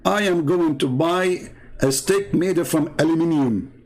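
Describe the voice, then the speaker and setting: A man's voice: a little high, unhurried, a little mellow. A man from the Middle East with an Arabic accent, a native Arabic speaker, hosting a live stream in a mocking, sarcastic rant. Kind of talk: casual livestream monologue.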